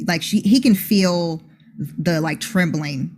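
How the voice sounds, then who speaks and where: A woman's voice: fairly low pitch, takes it slowly, a little mellow, breathy edge. A woman player in a tabletop game, describing her character's actions casually with many fillers.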